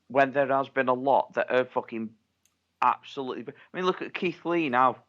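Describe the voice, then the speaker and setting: A man's voice: mid-range voice, normal speed, fairly bright tone, dull audio. A man co-hosting a podcast, chatting casually with blunt, sweary opinions. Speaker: podcast co-host. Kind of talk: casual wrestling chat.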